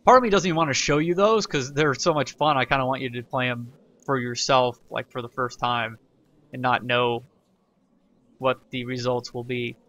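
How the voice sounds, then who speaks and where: A man's voice: mid-range voice, normal speed, bright, forceful tone, highs cut off. A man hosting a casual let's play tutorial, rambling and self-correcting as he reads the game's event text aloud. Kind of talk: casual gameplay tutorial commentary.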